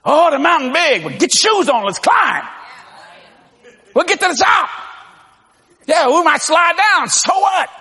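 An older man, a pastor, preaching with lively storytelling, acting out dialogue and laughing often. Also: extremely high pitch, long reverb tail. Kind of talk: sermon.

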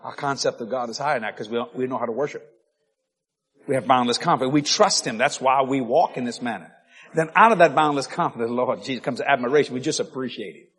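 A male preacher delivering a lively sermon, shouting and laughing, stretching out key words. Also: mid-range voice, husky. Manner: animated, shouting, laughing, drawn-out emphasis.

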